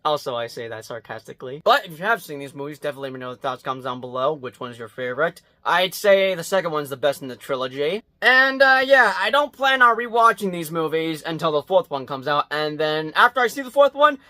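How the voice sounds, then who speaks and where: A man doing a casual movie review vlog, talking bluntly and swearing, swinging between loud outbursts and quiet muttered asides. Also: a little high, lively intonation, fast talker, few pauses. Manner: blunt and profane.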